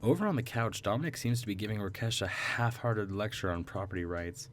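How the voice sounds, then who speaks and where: A man's voice: lowish voice, fairly quick, slight background noise. Chatty young man reading a game aloud. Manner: chatty, laughs often, many ums. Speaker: gaming video creator. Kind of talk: reading a visual novel aloud with casual asides.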